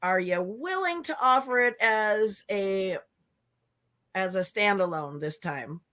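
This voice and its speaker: Female co-host, bright and tense tone, lively and quick to laugh, casual banter. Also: mid-range voice. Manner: lively, laughs easily, reads out comments. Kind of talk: casual live-stream chat.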